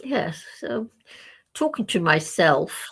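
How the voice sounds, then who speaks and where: A woman's voice: on the low side, animated, slow, husky. An older woman hosting a live stream, chatting casually and rambling to herself while she waits for others.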